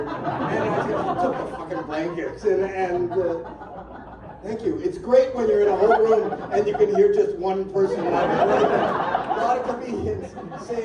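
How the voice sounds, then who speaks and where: A man's voice: high voice, animated, moderate pace. A man doing a stand-up set in a comedy club, teasing and swearing at the audience. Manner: brash, profane, teasing the audience. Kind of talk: stand-up set with crowd work. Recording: echoey club, distant, loud crowd laughter. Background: audience laughter.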